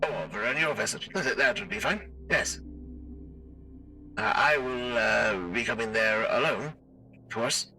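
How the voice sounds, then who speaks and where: A man voicing a polite, formal male alien trader through a robot voice changer, halting and hesitant. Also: mid-range voice, sharp tone, distant mic, faint music behind, poor audio. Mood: courteous.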